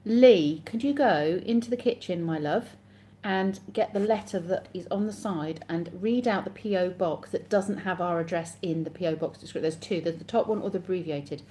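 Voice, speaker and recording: A woman's voice: lowish voice, normal speed, few pauses, warm tone, a little hiss or hum. An English woman hosting a casual live stream, chatting and reading viewer comments aloud with frequent laughs. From England.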